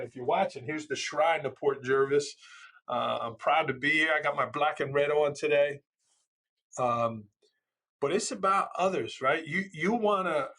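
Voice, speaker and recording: A middle-aged man, a school administrator telling stories in a passionate, loud, conversational way. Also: a little high, breathy edge. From New York. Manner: passionate, loud, storytelling with animated quoted voices. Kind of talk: conversational interview.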